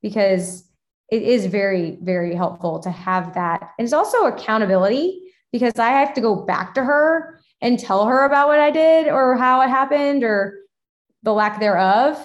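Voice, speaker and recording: A woman's voice: fairly high pitch, animated, moderate pace. A woman hosting an interview, talking casually about her own parenting, chatty and personal, with many fillers. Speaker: podcast host and parent.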